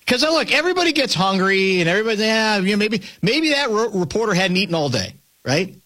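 A man's voice: high voice, very animated, quick pace, bright, forceful tone. A man co-hosting a sports talk show, chatting casually, laughing often and restarting his sentences.

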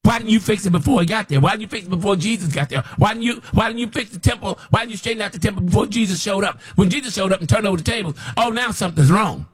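Husky man preaching bluntly. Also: sits high, racing, hardly any pauses. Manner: blunt, scolding, rambling with repeats. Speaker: self-described prophet. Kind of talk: preaching to camera.

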